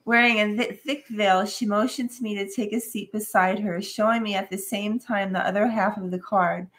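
A woman's voice: medium pitch, fairly even intonation, moderate pace, a bit bright. A woman co-hosting a live show, reading a book aloud steadily with occasional stumbles.

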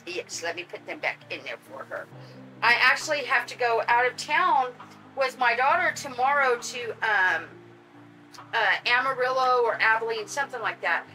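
High, bright, gushing woman. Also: normal speed, faint music behind, rough recording. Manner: gushing, excitable, talks to her audience and pets. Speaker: vlogger unboxing reborn dolls. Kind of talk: casual unboxing vlog.

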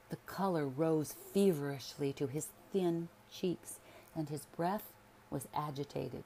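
A woman reading a literary story aloud as a sleep story narrator, in a soothing, measured way. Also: sits low, mellow, a little hiss or hum.

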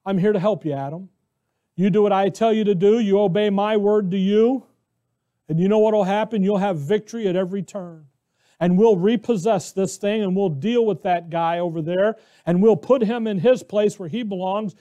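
A man's voice: high-pitched, moderate pace, mellow, lightly acted. A man preaching takes the voice of God, speaking as a kind fatherly deity who urges and pleads with earnest encouragement. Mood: encouraging.

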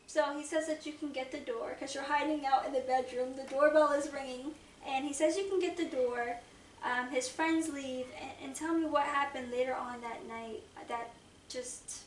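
A woman hosting an interview, asking gentle, guiding questions and recapping her guest's story. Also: high voice, steady tone, a little slow. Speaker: host. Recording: echoey room, mic far off, faint noise.

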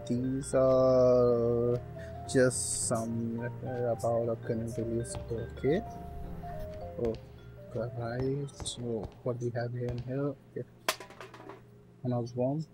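A man giving rambling play-by-play commentary on a horror game, with loud outbursts. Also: medium pitch, low-quality recording. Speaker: gaming streamer.

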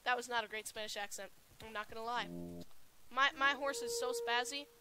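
A woman commentating her own gameplay live, excitably shouting spell names and taunts at opponents. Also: fairly high pitch, a little fast, noisy background. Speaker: gaming channel host.

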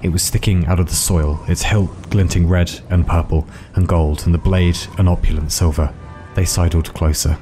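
A man narrating a fairy tale in a measured, dramatic reading. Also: sits low, fairly even intonation, music in the background. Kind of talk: storytelling narration.

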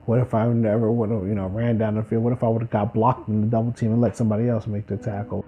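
Speaking quickly in a fairly low voice over dull audio, a man in his twenties from New Jersey shares reflective stories from his life. A former college football player, he mimics the people he quotes with lively delivery.

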